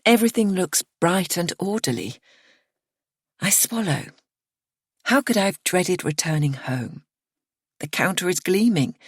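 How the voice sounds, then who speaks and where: Woman narrator, low voice, slow and husky, first-person thriller reading. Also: no echo, studio quality. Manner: measured and hushed, dropping to a whisper at tense moments. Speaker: audiobook narrator.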